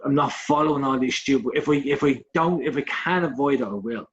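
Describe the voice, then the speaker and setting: An Irish man rants through a loose, casual podcast chat, cursing freely and doubling back on his words. His voice sits at a middling pitch. The recording is a little muffled and lo-fi. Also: fairly quick. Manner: swearing, ranting, repeats himself. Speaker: podcast co-host.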